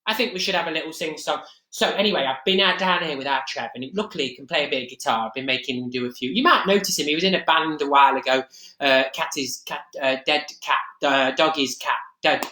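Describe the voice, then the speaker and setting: The clip is a comic live-stream monologue by a performer in the role of Mrs Mabel Green, a chatty middle-aged Nottingham gossip with an East Midlands accent who wanders off into asides and fillers. Her mid-range delivery is quick, bright and forceful, only lightly acted, and the recording echoes.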